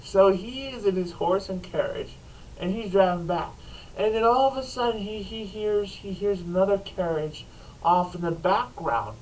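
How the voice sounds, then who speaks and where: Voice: mid-range voice, normal speed, a little mellow. Storyteller, rambling comic improv delivery, distant mic, faint noise. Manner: rambling, restarts, frequent laughter.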